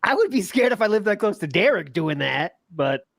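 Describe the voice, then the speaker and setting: Podcast co-host, man, animated delivery, close and dry sound, crude and giggly. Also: high voice, brisk, gravelly, no room sound. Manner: laughing, crude joking. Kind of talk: casual podcast banter.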